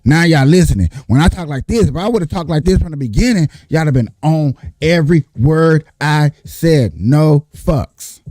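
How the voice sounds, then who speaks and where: A man's voice: a little high, expressive, moderate pace, few pauses, a little mellow, no echo, studio quality. A man arguing hard in a casual panel debate, profane and emphatic, repeating his points. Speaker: panelist, Trump supporter.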